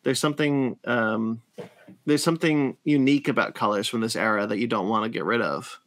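A man's voice: mid-range voice, fairly quick, fairly bright tone. A man hosting a podcast, chatting enthusiastically about a comic book with frequent restarts. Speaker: podcast host. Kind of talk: casual podcast chat.

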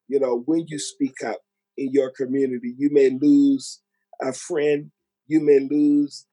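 A man on a discussion panel speaking earnestly and in a measured way, stressing his key points. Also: medium pitch, mellow, no room sound, poor audio. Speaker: panel guest. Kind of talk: reflective discussion.

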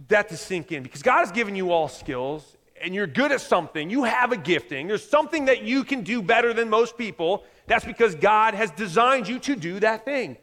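A man's voice: very high voice, fairly bright tone. A man preaching a conversational sermon, often acting out quoted voices as he speaks. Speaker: pastor. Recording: reverberant hall.

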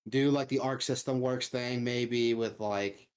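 A man's voice: mid-range voice, fairly even intonation, unhurried, darkish tone. Profane ranting man in gaming chat. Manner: loose, profane ranting with lots of "like". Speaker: podcast co-host.

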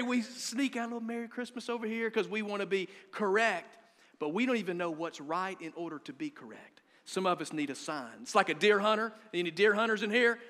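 A man preaching a lively, joking sermon as a pastor to his congregation. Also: extremely high pitch. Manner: upbeat, joking, rallying the congregation. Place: church auditorium. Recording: long hall reverb in a church.

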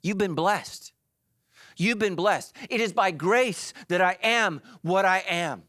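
A middle-aged man preaching a sermon in church, animated and joking, breaking into quick quoted voices. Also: high voice, dry recording, studio quality. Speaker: pastor. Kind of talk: energetic sermon.

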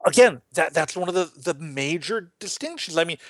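A man hosting a casual Bible study talk, animated and full of restarts, playfully acting out voices as he tells stories. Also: fairly high pitch, fairly quick, no echo. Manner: animated, acts out quoted voices, frequent restarts. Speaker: podcast host teaching the Bible.

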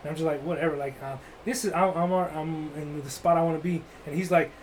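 A man's voice: a little high, steady tone, a little fast, darkish tone, a little hiss or hum, low-quality recording. A man telling a rambling, crude, joking story in casual chat, full of "like" and restarts.

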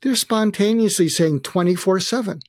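A man's voice: high-pitched, normal speed, no echo, clean studio sound. An older man, a guest on an interview show, telling candid personal stories with a wry touch and often quoting what others said to him. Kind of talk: reflective storytelling.

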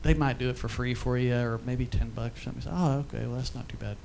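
A man's voice: medium pitch, fairly even intonation, fast talker, gravelly, darkish tone, slight background noise. A man giving an informal church teaching, telling stories in a chatty way with many asides. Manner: storytelling, conversational with fillers and asides. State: briefly emotional, choked up.

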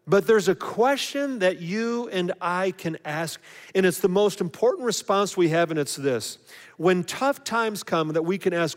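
Male pastor, conversational sermon, slightly high voice, long hall reverb. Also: lively intonation, measured pace. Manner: conversational, acts out voices of others.

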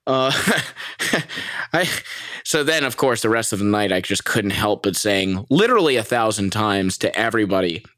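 A young man from the United States telling a story in a casual, animated and profane way, laughing often. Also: fairly quick, few pauses, no echo, studio quality. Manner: animated, profane, laughs often, mimics people in high voices. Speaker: vlogger.

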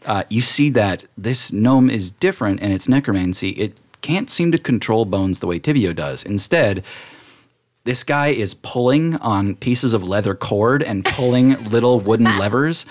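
A man's voice: on the low side, lively intonation, moderate pace. Man, game master, loose narration full of fillers. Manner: casual, filler-heavy, laughing narration.

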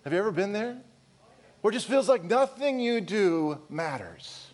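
Male pastor, sermon, high voice, rhetorical questions, candid asides to the congregation. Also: very animated, normal speed, darkish tone. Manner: emphatic, full of rhetorical questions.

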